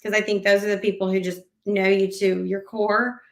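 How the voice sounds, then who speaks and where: A woman in casual podcast conversation, her voice carrying a gravelly edge. She talks animatedly and slips into acted-out quotes of what people said. The recording sounds roomy, with noticeable echo. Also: medium pitch, little pitch movement, moderate pace. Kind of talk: casual interview chat.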